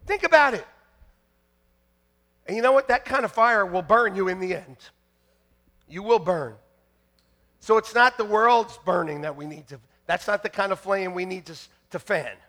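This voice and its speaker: Man, pastor, sermon, bright tense voice, shouting bursts, church sanctuary. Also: high-pitched, moderate pace, long pauses. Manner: shouting, fiery, jokey preaching.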